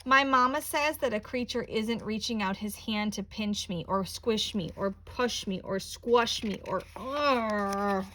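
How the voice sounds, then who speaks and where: A woman reading a children's picture book aloud in a slow, expressive, playful storytelling manner. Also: a little high, a little hiss or hum.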